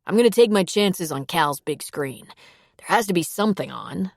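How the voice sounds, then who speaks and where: A woman's voice: on the low side, expressive, moderate pace, vocal fry, a little mellow, no echo, clean studio sound. A woman voicing an easygoing male army veteran with a teasing, wry manner, in an audiobook.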